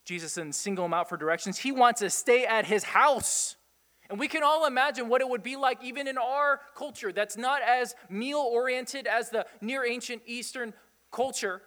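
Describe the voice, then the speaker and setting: High-voiced male pastor preaching. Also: moderate pace, in a large hall. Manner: animated, rhetorical questions, chuckles often. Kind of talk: sermon.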